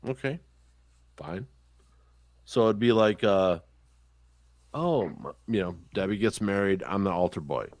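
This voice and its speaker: A man's voice: lowish voice, unhurried, long pauses, no room sound. A man on a podcast telling childhood stories in casual chat, cursing often and acting out the people in his stories. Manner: profane, animated storyteller. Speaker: podcast host.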